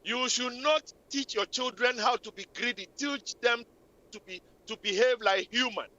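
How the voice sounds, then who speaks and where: A woman's voice: on the high side, moderate pace, pushed and bright. A woman hosting a radio talk show, scolding and preaching relationship advice in a repetitive, impassioned way. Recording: lo-fi radio recording.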